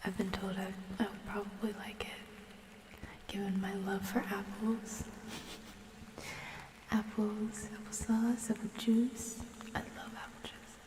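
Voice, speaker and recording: A woman streamer hosting a cozy ASMR chat, talking to viewers softly and often in a whisper, unhurried. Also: medium pitch, fairly even intonation, reverberant, in a large hall, distant mic.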